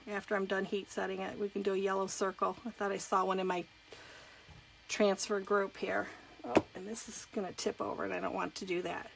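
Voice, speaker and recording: Her mid-range voice is creaky with a sharp tone, captured on a low-quality recording with slight background noise. A craft demonstrator and direct sales consultant, she chats her way through a live crafting demo, greeting viewers and explaining each step.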